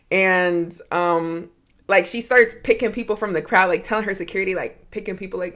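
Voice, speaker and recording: A young woman from Georgia, hosting her podcast from her home office and telling a story in a chatty, excitable way. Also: lowish voice, moderate pace. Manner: chatty, excitable, many "like" fillers. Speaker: podcast host. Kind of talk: casual storytelling monologue.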